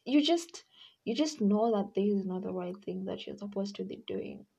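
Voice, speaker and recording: A woman's voice: mid-range voice, expressive, moderate pace, gravelly, mellow, slightly rough, muffled recording. A woman hosting a podcast, talking in a casual advice monologue, chatty and acting out quoted voices. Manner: chatty, acts out quoted voices, laughs often. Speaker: podcast host.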